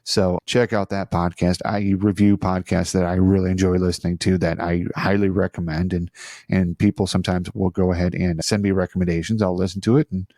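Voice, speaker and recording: This middle-aged man hosts a casual solo podcast, chatty and self-deprecating, rambling along with frequent restarts. His voice is low-pitched, dark and level, and he talks briskly. It's studio-quality audio from a studio microphone on an arm, with no room sound.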